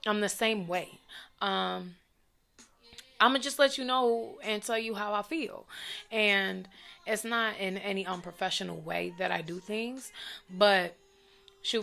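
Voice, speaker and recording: A young woman vlogger telling a story to camera in a blunt, profane, animated way. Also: medium pitch, vocal fry. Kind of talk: casual storytime rant to camera.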